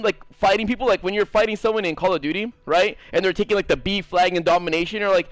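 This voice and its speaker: A man streaming a game, telling a story in a casual, animated, swearing ramble and talking to his chat. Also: high-pitched, no room sound, soft background music. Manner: animated, profane, fast-rambling. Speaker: gaming streamer.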